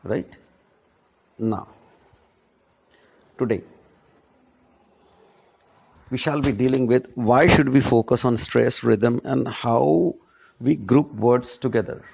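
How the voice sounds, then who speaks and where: A man giving a classroom lesson at an unhurried, deliberate pace. His voice has a gravelly edge, and he keeps pausing to ask his students "right?" as he explains. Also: mid-range voice, a little mellow, dull audio. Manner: slow and deliberate, checks in with "right?". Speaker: teacher. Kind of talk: classroom lecture on pronunciation.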